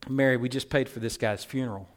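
A man's voice: medium pitch, fairly even intonation, fast, lightly acted. A man voicing a careful, exasperated biblical woman scolding her sister in a sermon retelling.

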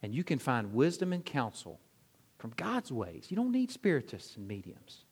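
A man preaching a sermon to a congregation, firing off rhetorical questions and swinging between loud emphatic peaks and low, quiet drops. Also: wildly swooping pitch, normal speed, husky. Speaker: pastor.

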